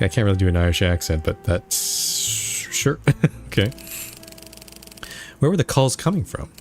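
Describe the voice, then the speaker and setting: A man's voice: on the low side, big pitch swings, measured pace, pauses often, faint music behind. Man thinking aloud over a game. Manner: thinking aloud, reads on-screen text aloud. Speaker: streamer. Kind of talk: let's play commentary.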